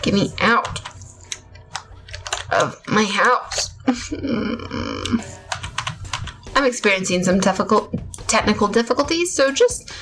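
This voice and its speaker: A woman's voice: mid-range voice, expressive, slow, pauses often, noisy background. A woman casually commenting on her gameplay, rambling and poking fun at herself. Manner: chatty, rambling, self-mocking. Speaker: gamer narrating her play. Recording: faint music behind.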